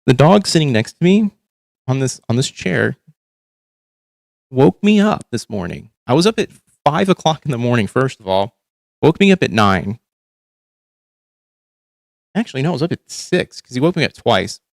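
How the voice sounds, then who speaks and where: A man's voice: medium pitch, sing-song, moderate pace, vocal fry, pauses often, dry recording, studio quality. A man hosting a livestream from home, ranting in casual, profane commentary, tired and overcaffeinated. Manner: rambling, profane, exasperated ranting. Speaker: livestream host.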